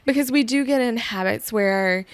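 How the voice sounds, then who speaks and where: A woman's voice: fairly high pitch, normal speed, no room sound. A woman life coach talking with a podcast host in a chatty, easygoing way, often filling with um and like. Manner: chatty, says um and like a lot. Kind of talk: casual podcast conversation.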